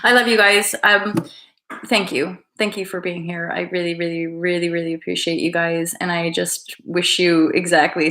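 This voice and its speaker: A woman's voice: lowish voice, fairly even intonation, moderate pace, pushed and bright, roomy sound. A woman hosting a casual live stream and chatting with her viewers in a rambling, playful, affectionate way. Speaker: livestream host.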